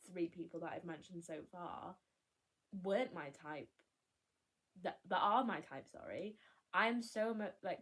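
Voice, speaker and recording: A young woman vlogger chatting candidly, rambling and cutting herself off with laughs. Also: medium pitch. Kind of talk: casual chat.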